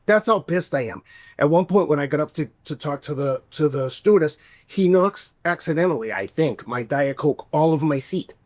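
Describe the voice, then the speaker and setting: A man hosting a podcast, telling a story in a casual, animated way, swearing and acting out the voices he quotes. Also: on the high side, moderate pace, dry recording. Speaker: podcast host.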